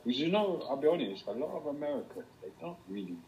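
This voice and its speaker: A man chatting in a relaxed, reflective way, hesitating often. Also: mid-range voice, fast talker, crowd noise, rough recording. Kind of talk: casual chat.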